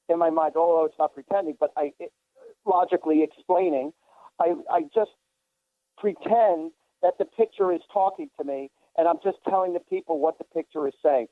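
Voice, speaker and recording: A man's voice: on the high side, moderate pace, no echo. Man chatting on a tinny phone line. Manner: rambling storyteller with many restarts. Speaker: psychic medium radio host. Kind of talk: casual radio chat. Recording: dry thin phone-line sound.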